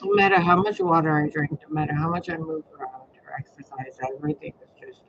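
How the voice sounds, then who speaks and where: This tarot reader is a man with a fairly high voice who talks fast in a rambling, casual monologue, swearing a lot and speaking bluntly and expressively. The audio sounds dull, with slight background noise.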